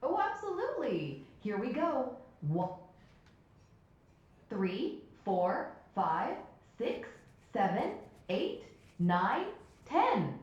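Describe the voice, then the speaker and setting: A woman's voice: a little high, huge pitch swings, very slow, long pauses, lo-fi sound. A synthetic woman's voice of an AI avatar, upbeat and showy like an announcer. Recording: very echoey hall through speakers.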